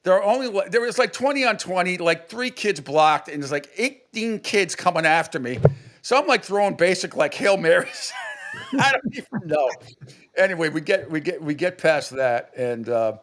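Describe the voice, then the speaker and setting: A man's voice: high voice, very animated, normal speed, fairly bright tone. A middle-aged man from New England, a sports radio host, telling a rambling story with many restarts and acted-out quotes. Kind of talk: casual storytelling.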